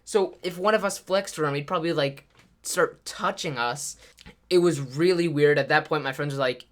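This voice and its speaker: A man's voice: a little high, normal speed, fairly bright tone. A teenage boy telling a story in a casual, rambling way, full of fillers. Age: teens. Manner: rambling, filler-heavy retelling. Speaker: YouTuber.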